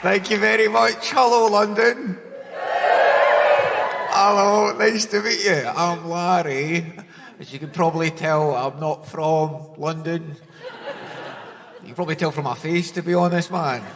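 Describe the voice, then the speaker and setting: A man's voice: a little high, steady tone, unhurried, long pauses, a crowd in the background. Glaswegian man doing punchy stand-up. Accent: Glaswegian Scottish. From Glasgow, Scotland. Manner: wry, punchy joke delivery. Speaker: stand-up comedian. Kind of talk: stand-up comedy set. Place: large concert hall, live on stage. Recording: hall reverb, faint background noise.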